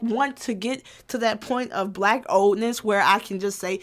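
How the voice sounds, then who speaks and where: Twentysomething girl vlogging, kinda high voice, swears a lot, keeps restarting mid sentence. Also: expressive, measured pace, hardly any pauses, fairly bright tone. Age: 20s. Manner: loose, profane, chatty with frequent restarts. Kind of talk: casual chat.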